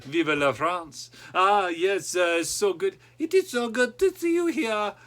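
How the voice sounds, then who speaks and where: A man's voice: high-pitched, expressive, takes it slowly, fairly bright tone, voice pushed up, heavily acted. A man doing a woman in a fake French accent. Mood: mocking. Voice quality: exaggerated, sing-song fake French accent.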